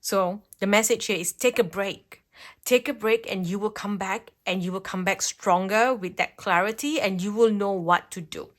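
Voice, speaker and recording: Woman doing a tarot reading at home, chatty, keeps saying okay, mid pitch. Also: normal speed. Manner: chatty, reassuring, frequent "okay?" check-ins. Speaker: tarot reader. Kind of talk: pick-a-card tarot reading. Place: home, at a table with cards.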